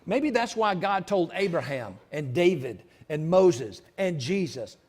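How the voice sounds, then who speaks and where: Emphatic preaching man, higher voice. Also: sing-song, unhurried, husky. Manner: preaching with sudden shouted outbursts; repetitive, emphatic delivery. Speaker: pastor. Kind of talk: sermon. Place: church sanctuary.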